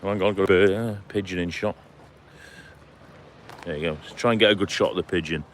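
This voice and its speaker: With a little hiss or hum in the audio, a deep-voiced man talks briskly while live-streaming from a seaside clifftop walk. This friendly vlogger reads chat on his phone and addresses his viewers by name in a relaxed, matey way.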